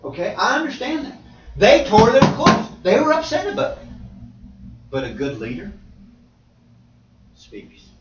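A male preacher giving an animated sermon, with sudden loud exclamations. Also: extremely high pitch, normal speed, a little hiss or hum. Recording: roomy, distant, slightly dull.

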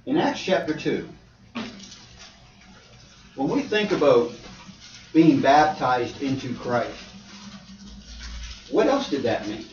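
A male preacher giving a sermon, animated and conversational, swinging from loud to quiet. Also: medium pitch, takes it slowly, long pauses, a little hiss or hum. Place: church hall. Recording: dull, roomy, distant church hall.

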